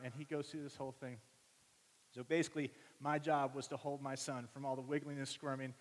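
A man in his thirties preaching a sermon, telling family stories in an animated way and acting out everyone's voices. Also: medium pitch, brisk. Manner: animated storytelling, acts out voices of family members. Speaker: pastor. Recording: long reverb of a large hall.

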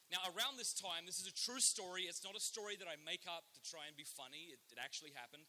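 An Australian man, a father of four, telling a funny true story to an audience with lively, acted-out storytelling and loud bursts. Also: on the high side, quick pace, few pauses, a little hiss or hum. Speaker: speaker giving a talk. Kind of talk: comic storytelling to a live audience.

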